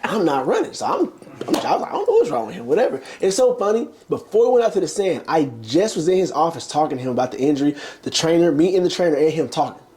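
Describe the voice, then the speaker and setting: Animated young man telling a story. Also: fast, hardly any pauses, slight background noise. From United States. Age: young adult. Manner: animated storyteller, acts out quotes with big pitch jumps. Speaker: interview guest, former college basketball player. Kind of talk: casual storytelling chat.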